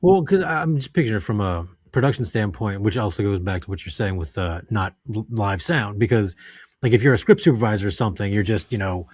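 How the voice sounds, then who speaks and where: A man hosting a podcast interview, chatting in a relaxed way and thinking out loud with fillers. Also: fairly low pitch, quick pace, slightly rough, no room sound. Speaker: podcast host. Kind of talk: casual interview chat.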